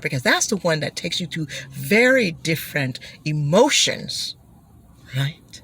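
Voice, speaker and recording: A woman giving a motivational talk, animated and expressive, acting out gasps and shouts as she makes her points. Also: mid-range voice. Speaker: motivational speaker.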